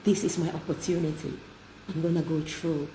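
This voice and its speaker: A woman's voice: deep voice, flat delivery, a little fast. A woman hosting an inspirational talk, telling stories in an emphatic, heartfelt way. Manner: warm, emphatic storytelling. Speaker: host. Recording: echoey room with light noise.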